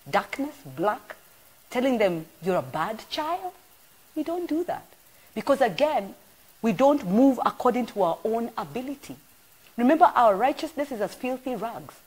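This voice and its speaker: Husky Kenyan woman preaching animatedly. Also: mid-range voice, low-quality recording. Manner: animated storytelling preacher, swings loud and soft. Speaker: pastor. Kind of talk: sermon. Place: church broadcast.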